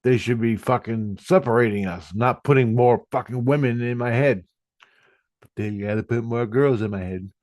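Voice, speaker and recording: A man's voice: on the low side, darkish tone, dry recording, clean studio sound. A man telling a spiritual experience in a casual monologue, in an agitated and profane way. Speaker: vlogger.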